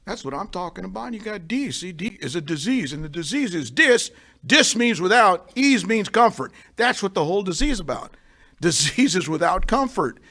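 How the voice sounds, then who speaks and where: Blunt, street-talking male meeting speaker with a bright, high voice; drops to murmurs, then punches lines loud. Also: big pitch swings, normal speed. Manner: swings from low murmurs to loud emphatic bursts. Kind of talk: motivational talk at a recovery meeting.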